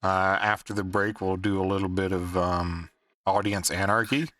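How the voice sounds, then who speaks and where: A man's voice: low voice, flat delivery, normal speed, fairly bright tone, no echo, clean studio sound. A man hosting a livestream in casual chat, teasing and laughing often. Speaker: livestream host.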